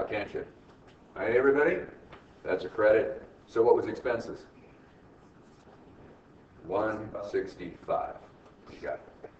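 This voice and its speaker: An instructor lectures a classroom, constantly checking in with "right?" and dropping deadpan jokes. His voice sits at an ordinary middle pitch. He is heard from across an echoey room on a muffled recording with a faint hiss. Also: far from the mic. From United States. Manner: quizzes the class with constant tag questions, teasing jokes. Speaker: accounting instructor.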